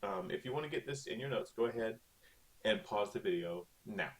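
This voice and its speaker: Male teacher, low voice with lively swings, chatty and explanatory, recorded at a desk. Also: brisk. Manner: chatty, explains with frequent "okay?" checks. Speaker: Spanish teacher. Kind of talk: recorded online lesson.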